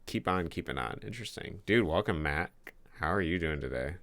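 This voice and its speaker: A man's voice: low voice, lively intonation, fairly quick, a bit bright. A man streaming as he codes a game, thinking aloud in a casual, rambling way and joking with his viewers. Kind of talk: casual live-stream talk while coding.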